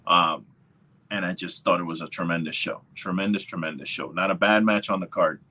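A man's voice: low voice, steady tone, fairly quick, sharp tone, breathy edge. A man giving his laid-back, profane take on a wrestling show in casual podcast chat. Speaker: podcast co-host.

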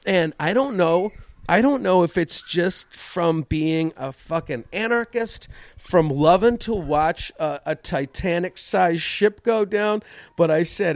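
Profane, animated male comedian telling a story. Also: sits high, takes it slowly, dry recording. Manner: animated, swearing, self-mocking. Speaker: comedian podcast host.

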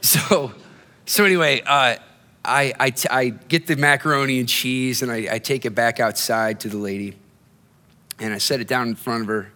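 A man's voice: medium pitch, fairly even intonation, normal speed, bright, forceful tone. A male pastor preaching a sermon in a conversational, storytelling way, often restarting his phrases. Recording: long hall reverb.

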